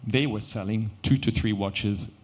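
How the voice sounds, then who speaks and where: A middle-aged man tells a story on an event stage, acting out each exchange as he goes. His voice sits a little low and moves between hushed asides and livelier bursts. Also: unhurried. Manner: animated anecdotal storytelling with quoted dialogue. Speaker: watch company founder telling a story. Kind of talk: conference storytelling talk.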